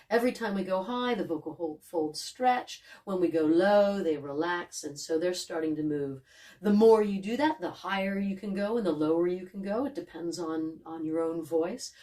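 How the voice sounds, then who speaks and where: Calm woman leading a vocal warm-up. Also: mid-range voice, distant mic. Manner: calm, gentle, demonstrates sighs, yawns and hums. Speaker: voice coach. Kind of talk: guided vocal warm-up instruction.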